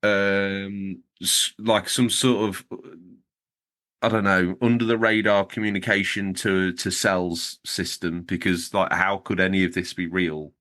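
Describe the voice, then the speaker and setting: A man's voice: low voice, little pitch movement, measured pace, fairly bright tone. A man co-hosting a podcast, chatting casually and teasing his co-hosts in jokey banter. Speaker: podcast co-host. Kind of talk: casual chat.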